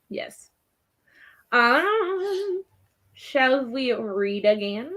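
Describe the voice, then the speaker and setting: A woman's voice: on the high side, animated, normal speed. A woman hosting a casual reading stream, teasing her co-hosts and giggling often. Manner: giggly, teasing, reads definitions aloud. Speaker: host of a reading sprint stream. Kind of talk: casual chat.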